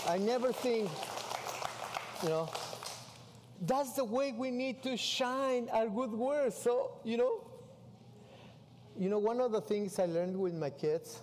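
Man preaching in a reverberant hall. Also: high-pitched. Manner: animated storytelling with non-native English. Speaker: missionary preacher. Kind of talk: sermon. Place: church sanctuary.

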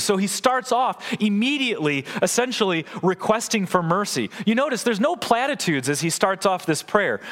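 Guy preaching a sermon, kinda high voice, long church reverb, keeps asking the room questions. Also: fairly bright tone. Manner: earnest preaching, asks the congregation questions. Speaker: pastor. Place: church sanctuary.

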